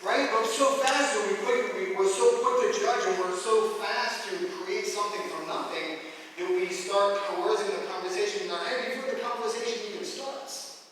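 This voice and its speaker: A man with a slightly high voice coaches a group in a live seminar, chatty and joking as he throws questions at the room. He is picked up from a distance, so his voice rings out with long reverb and a faint hum underneath. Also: moderate pace, fairly bright tone. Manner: conversational and joking, asks the audience questions. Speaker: coach leading a workshop. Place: large room with a live audience. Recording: echoey hall recorded from far off.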